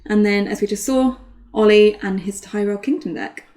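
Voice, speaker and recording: A woman's voice: medium pitch, moderate pace, a little mellow. A woman, co-commentating a card game in casual chat and laughing often at herself. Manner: laughs often, self-deprecating.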